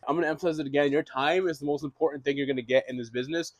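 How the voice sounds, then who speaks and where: Fast-talking energetic young man teaching. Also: fairly high pitch, dry recording. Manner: energetic, repeats and restarts phrases, swears casually. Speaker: real estate wholesaling instructor. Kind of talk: casual classroom lesson.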